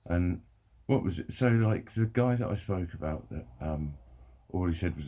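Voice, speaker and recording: A man's voice: sits low, animated, moderate pace, dark tone. A young man ranting to camera in a sweary, rambling, heated way. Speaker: vlogger.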